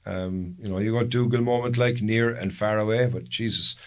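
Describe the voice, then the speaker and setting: Low-voiced Irish man spinning long stories. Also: steady tone, moderate pace, crowd noise. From Ireland. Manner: long rambling storytelling with self-corrections. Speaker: podcast co-host. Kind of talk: casual chat.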